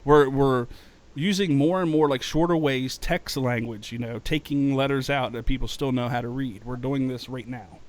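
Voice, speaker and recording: A man hosting a casual chat, relaxed and amused, thinking aloud as he reads from a document. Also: medium pitch, moderate pace. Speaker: host.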